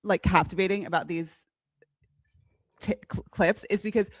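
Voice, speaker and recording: A woman's voice: lowish voice, fairly even intonation, no room sound, studio quality. Chatty woman with lots of fillers. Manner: chatty, filler-heavy, slows down while pulling up clips. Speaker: co-host. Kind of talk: casual chat.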